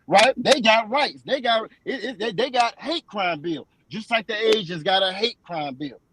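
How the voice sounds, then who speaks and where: A man teaching from scripture in a preaching style, emphatic and repetitive, slowing down to read verses aloud. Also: high voice, fairly bright tone, slightly rough, dry recording, rough recording. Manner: emphatic and repetitive, restates lines for stress; slows down when reading verses aloud.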